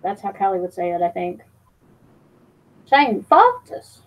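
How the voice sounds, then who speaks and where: A woman's voice: fairly low pitch, little pitch movement, fast, warm tone, low-quality recording. A woman live streamer chatting casually, teasing and reading her chat aloud, with plenty of ums and restarts. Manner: fillers and restarts.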